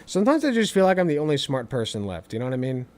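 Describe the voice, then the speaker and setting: A man streaming reaction commentary, ranting in an animated, exasperated way with lots of swearing. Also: medium pitch, racing.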